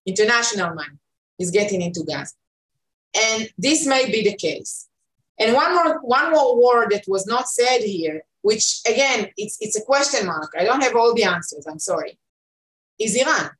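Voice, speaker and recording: A woman from Israel talks through political analysis in English, pressing her points with repetition and fillers. Her voice sits fairly high. The room around her is noticeably echoey. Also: animated, normal speed, fairly bright tone. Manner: emphatic, repeats words, frequent fillers. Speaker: interview guest, analyst.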